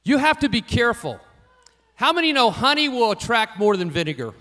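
A man preaching a sermon, telling personal stories and swinging from quiet asides to louder emphatic lines. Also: extremely high pitch, sing-song, fairly quick. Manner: storytelling, varies loudness widely, rising for emphasis. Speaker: pastor.

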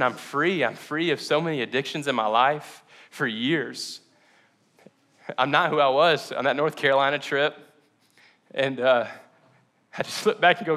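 A young man preaches to his church, telling his own story in an earnest, halting way. His voice is bright and forward, and he sounds close to tears, pausing and restarting as emotion catches him. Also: medium pitch. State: choked up, near tears. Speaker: pastor. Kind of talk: sermon. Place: church hall with congregation.

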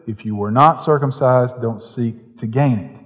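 A man from Western North Carolina with a softened Southern accent, preaching a sermon as pastor in a conversational way that builds to fervent emphasis. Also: medium pitch, a little slow, long reverb tail.

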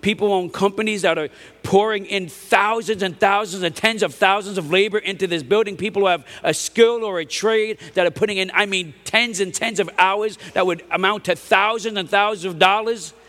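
A pastor preaching a sermon in a conversational, emphatic way, often asking the congregation "right?". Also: male voice, sits high, normal speed, fairly bright tone, long reverb tail. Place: church hall.

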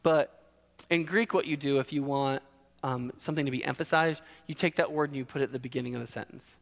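A man's voice: mid-range voice, steady tone, fast, vocal fry, long reverb tail. A man preaching a sermon, emphatic, asking and answering his own questions.

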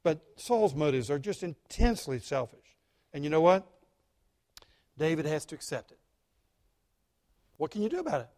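A male pastor preaching a sermon, emphatic and dramatic, dropping to quiet asides between stressed points. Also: a little high, big pitch swings, moderate pace, pauses often.

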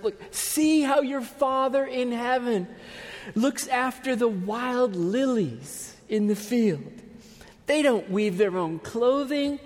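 A man preaching a sermon, earnest and emphatic, often dropping to a hush at the ends of phrases. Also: very high voice. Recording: long hall reverb.

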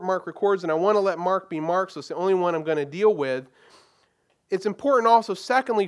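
Pastor, male, higher voice, earnest sermon delivery with careful scripture reading. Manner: earnest, explaining step by step, reading scripture slowly.

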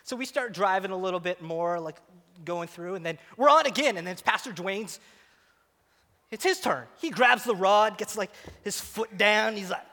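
Guy with a high voice telling a funny story in a sermon, big church hall, long echo. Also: normal speed. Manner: animated, self-mocking storytelling.

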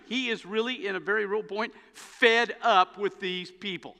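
A man preaching a sermon as pastor, telling stories with an animated, dry humor. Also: sits high, normal speed, creaky. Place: church sanctuary. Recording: long reverb of a church hall.

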